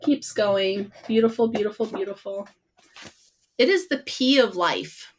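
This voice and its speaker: A woman's voice: mid-range voice, measured pace, slight background noise. A woman hosting a podcast, chatting about books in a gushing, giggly way. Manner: giggly, gushing, breaks into laughter. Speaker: podcast host. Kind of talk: casual chat about books.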